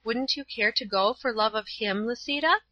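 A woman's voice: on the high side, normal speed, pushed and bright, no echo, pitched above the performer's own voice. A woman reading aloud voices a pious, kind-hearted schoolgirl in a raised, eager, pleading tone. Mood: earnest, pleading. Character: earnest pious schoolgirl, timid but kind. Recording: slightly dull, dry.

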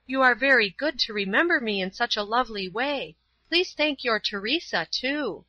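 A gentle young schoolmistress, sick in bed yet kind and motherly, speaking softly and earnestly, as a woman reads her in a storybook. Her voice is bright and clear, on a dry, slightly dull recording. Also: a little high, expressive, moderate pace, no echo, voice pushed up. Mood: warm, delighted. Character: kindly, feverish young female schoolteacher.

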